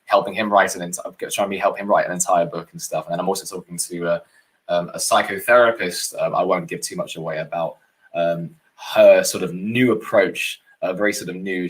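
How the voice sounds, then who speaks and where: A man with a very low voice talks casually about his writing projects. He rambles and halts, restarting his phrases often. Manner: rambling, halting, many restarts. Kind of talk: casual chat.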